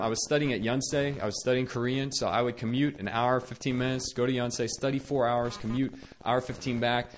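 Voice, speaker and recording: A young man recounts a story casually, in a mid-range voice that is neither high nor low. He talks in animated bursts, restarting phrases and loudly acting out his own words. A faint noise sits behind him. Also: rough recording. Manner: animated, acts out his own quoted lines loudly, frequent restarts and laughs. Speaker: storyteller recalling caring for children. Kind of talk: casual personal storytelling to viewers.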